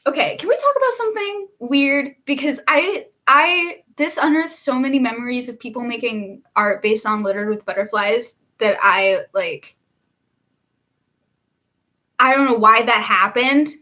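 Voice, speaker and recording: A woman's voice: a little high, animated, a little slow, pushed and bright. A young woman, a singer-songwriter hosting a casual livestream, chatting, laughing often and reading viewer comments aloud.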